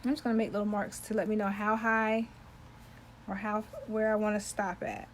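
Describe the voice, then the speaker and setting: A woman's voice: medium pitch, level tone, moderate pace, a little hiss or hum, low-quality recording. Chatty woman hosting a craft livestream. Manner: talkative, loves to chat with viewers; greets viewers by name while working. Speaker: embroidery livestream host. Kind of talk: chatty live-stream crafting demo.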